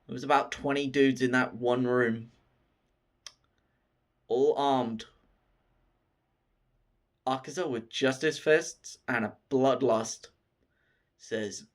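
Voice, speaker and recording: A man's voice: medium pitch, slow pace, long pauses. Profane man recapping a film. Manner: profane, excited storytelling. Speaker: film reviewer.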